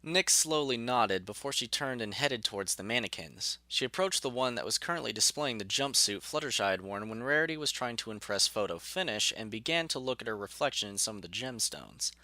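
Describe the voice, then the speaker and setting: A man narrating a fan audio story in a measured, even way. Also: mid-range voice, dry recording.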